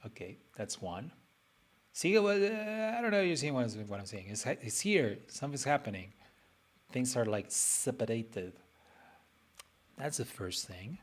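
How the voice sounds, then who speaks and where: A man's voice: medium pitch, big pitch swings, unhurried, long pauses. A man streaming his design work, chatting casually and playfully as he thinks aloud and talks to his screen. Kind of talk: casual live design commentary.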